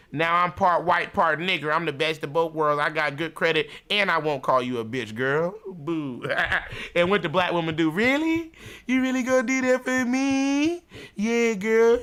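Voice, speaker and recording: A man's voice: on the high side, bright, forceful tone, clear, resonant tone. A man hosting a livestream, delivering a crude, mocking rant with frequent laughter. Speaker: livestream show host.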